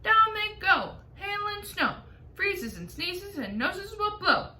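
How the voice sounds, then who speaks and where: A woman reading aloud and voicing a crowd of cloud creatures shouting orders and chanting a rhyme. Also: very high voice, sing-song, slow pace, reverberant, slight background noise, voice pushed up, full character voice. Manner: loud sing-song chant.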